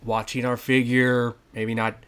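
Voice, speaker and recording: A man in the middle of his range hosts a relaxed podcast conversation. He keeps things laid-back, laughs along with his guest, and steers the talk with casual questions. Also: mid-range voice, measured pace, clean tone. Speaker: podcast host. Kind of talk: casual chat.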